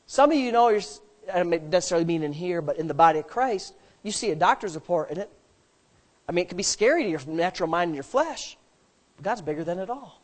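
A man's voice: high voice, lively intonation, fast talker. Impassioned preacher man. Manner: impassioned, rising to loud emphatic preaching. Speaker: pastor. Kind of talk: sermon.

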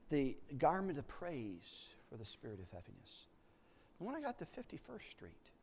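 A male preacher telling a personal story in sermon style, with a slightly high voice that rises and falls a lot. He drops into hushed low stretches, then bursts out loud, and repeats words as he restarts his sentences. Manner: animated, swings between hushed lows and loud excited outbursts.

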